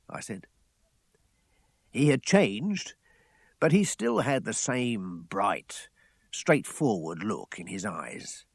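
A man narrating an audiobook at an unhurried pace, his husky voice swinging widely in pitch. He moves from fuller passages to hushed ones. The take is dry and close. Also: dry recording. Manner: measured storytelling with expressive rises and hushed dips.

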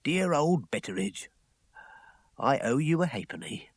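A man doing a breezy young gentleman. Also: medium pitch, very animated, a little slow, slightly rough, no echo, voice pushed up. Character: cheerful well-off young gentleman, bright and breezy. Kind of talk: audiobook character voice.

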